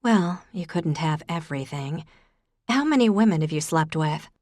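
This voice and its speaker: Lady doing a nervous eager young woman, voice lifts up higher, dry sound. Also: lively intonation, moderate pace, darkish tone, dry recording. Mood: brisk. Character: flustered, anxious young woman on a date.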